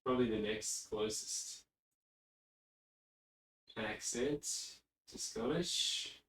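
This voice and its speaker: With a lowish, fairly bright voice and drawn-out words, an English man chats casually on a live stream. He wanders off topic easily and often talks away from his desk mic, so he sounds distant amid a roomy echo.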